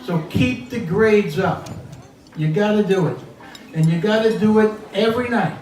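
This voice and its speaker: A man's voice: high voice, normal speed, darkish tone, a little hiss or hum. A man giving an emphatic, motivational speech at a banquet and repeating his points for stress. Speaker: banquet speaker. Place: banquet hall. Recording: echoey hall from far off, faint ambience.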